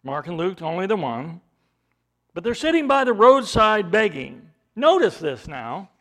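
High, animated male preacher. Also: measured pace. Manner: animated, rhetorical questions, swings between loud emphasis and hushed asides. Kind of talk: sermon.

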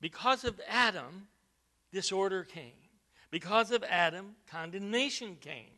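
Bright-voiced, slow preaching man. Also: high-pitched, expressive. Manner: emphatic, rising to loud stresses, repeats words. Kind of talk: sermon.

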